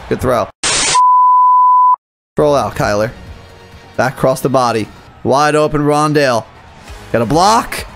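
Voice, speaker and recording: A young man commentating his own video game match, muttering plays quietly and then yelling at the big moments. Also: mid-range voice, unhurried, creaky, pauses often, faint music behind. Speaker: gaming YouTuber. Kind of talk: live gameplay commentary.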